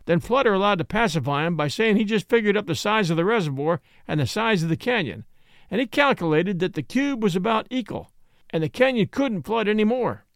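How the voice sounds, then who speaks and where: Frontier yarn-spinner voiced by a man, backwoods drawl, high lively voice, storybook telling. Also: brisk, creaky, no echo, studio quality.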